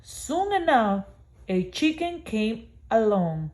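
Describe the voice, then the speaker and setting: A woman reading a picture book aloud in a slow, expressive, sing-song manner. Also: on the high side. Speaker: storybook reader. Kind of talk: storybook read-aloud.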